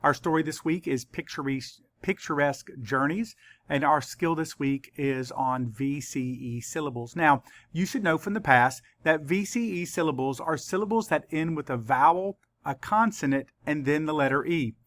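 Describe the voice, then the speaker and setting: Teacher man, crisp dry delivery. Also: a little high, a bit bright, dry recording. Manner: slow, deliberate letter-by-letter spelling. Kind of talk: spelling lesson for children.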